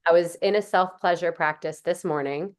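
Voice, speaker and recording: Low-voiced woman host, earnest and gushing. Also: moderate pace. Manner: earnest, gushing, many fillers like "like" and "um". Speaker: podcast host. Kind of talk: casual conversational interview.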